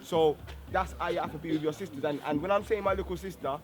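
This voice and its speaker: A man's voice: a little high, quick pace. Earnest man preaching respect. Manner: earnest, repetitive, full of street slang. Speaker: community speaker. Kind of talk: street gathering speech. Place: outdoors at a street gathering.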